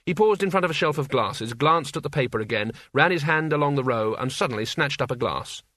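In a clean studio recording with no echo, a man narrates an audiobook story. He delivers the scripted text evenly and deliberately in a mid-range voice.

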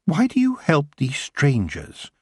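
A man voicing a proud, imperious female elf, a former queen, high and cold. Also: huge pitch swings, takes it slowly, slightly rough, no room sound, studio quality, exaggerated voice. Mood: questioning.

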